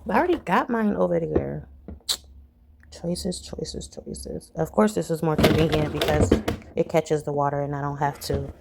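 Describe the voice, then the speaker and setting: A young adult woman, chatting casually to camera at home as a vlogger and telling stories in a lively way. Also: deep voice, normal speed, vocal fry, heavy background noise. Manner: chatty storytelling, animated when retelling. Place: home, indoors.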